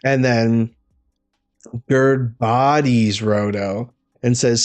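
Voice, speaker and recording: A man hosts a live manga reaction, reading comic dialogue aloud in a casual manner and swearing freely. His voice is mid-range and darkish in tone, and he speaks at a slow pace.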